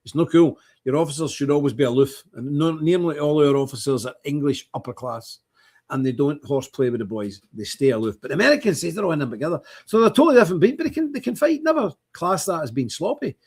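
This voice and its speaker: Husky older man with an Ulster accent. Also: fast. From Northern Ireland. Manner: rambling and opinionated, pitch jumping up when animated. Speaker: livestream host. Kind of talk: casual livestream chat.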